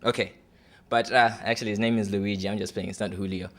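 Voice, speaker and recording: Brief: young man, chatty stand-up audition set, relaxed and rambling. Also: on the low side, fast talker. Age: 20s. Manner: loose, chatty, full of fillers. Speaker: stand-up comedy contestant.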